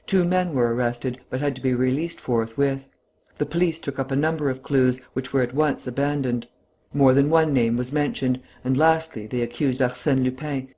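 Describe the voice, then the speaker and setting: A man narrating a classic novel as an audiobook, in steady storytelling. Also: mid-range voice. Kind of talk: scripted narration.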